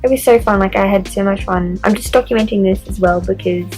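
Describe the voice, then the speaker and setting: A woman's voice: medium pitch, fast talker, darkish tone, soft background music, rough recording. A young woman vlogging to camera, telling a story in a chatty way, swearing often and saying "like" constantly.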